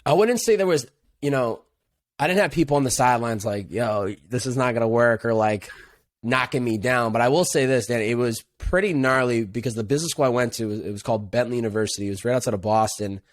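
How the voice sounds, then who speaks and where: A man's voice: mid-range voice, fast, no room sound, studio quality. A young adult man, a podcast guest, telling his story in an earnest, reflective way with casual slang. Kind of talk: casual interview conversation.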